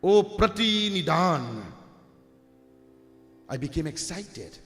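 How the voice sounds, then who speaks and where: A man's voice: high-pitched, big pitch swings, slow pace, fairly bright tone, exaggerated voice. A man voicing an admiring young woman. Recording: reverberant hall with faint music.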